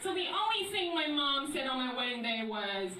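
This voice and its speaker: A woman's voice: high-pitched, very animated, normal speed, very noisy. A woman, performing a stand-up comedy set and often laughing at her own jokes. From China. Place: comedy club stage. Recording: echoey live room, mic at a distance, loud crowd.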